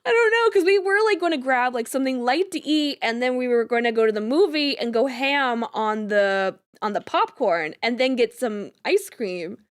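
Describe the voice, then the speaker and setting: Young woman, high animated voice, rambling casual storytelling, dry close sound. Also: moderate pace, hardly any pauses, no echo. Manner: rambling, animated, lots of "like" fillers, laughs while telling. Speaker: game streamer.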